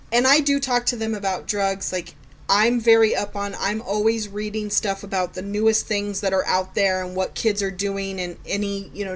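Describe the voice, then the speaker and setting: Sarcastic, chatty mom on a podcast. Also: female voice, medium pitch. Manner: sarcastic, chatty, laughs while telling stories. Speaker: podcast co-host. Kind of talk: casual chat.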